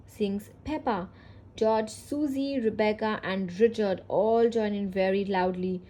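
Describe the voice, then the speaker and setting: A woman's voice: medium pitch, unhurried, warm tone. A woman reading a children's picture book aloud at home, talking casually between pages with fillers and small slips. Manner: reads plainly with fillers and self-corrections, little character voicing. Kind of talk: casual read-aloud with commentary.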